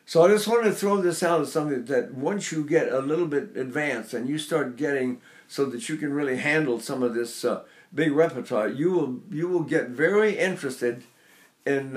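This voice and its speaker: An older man teaching singing, talking in an animated, digressive way and breaking into sung vocal demonstrations. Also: a little high. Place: Seattle area.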